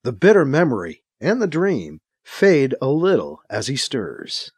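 Expressive male audiobook narrator. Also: mid-range voice, measured pace, husky, no room sound. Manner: dramatic, expressive reading. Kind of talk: audiobook narration, acting out scenes.

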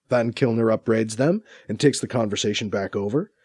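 A man narrating a science fiction audiobook in an expressive, plain manner. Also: on the low side, fairly quick, husky, dry recording, clean studio sound.

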